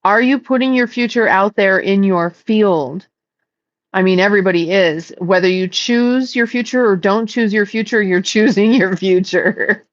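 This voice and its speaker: A woman speaking as a psychic in a casual, meandering spiritual talk, earnest and stretching some words out slowly. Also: medium pitch, no room sound, dull audio. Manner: meandering and earnest, with slow drawn-out emphases. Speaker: psychic channeling messages.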